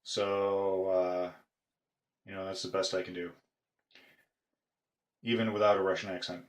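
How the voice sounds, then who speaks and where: A middle-aged man collecting padlocks, talking casually in a show-and-tell video, halting with frequent pauses. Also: deep voice, little pitch movement. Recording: echoey room.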